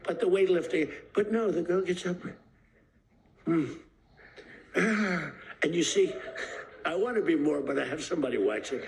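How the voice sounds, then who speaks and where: A man's voice: a little high, normal speed, gravelly, long pauses, slight background noise, poor audio. A man giving a rambling off-the-cuff speech as president, emphatic and repetitive, acting out stories. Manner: animated storyteller acting out quotes.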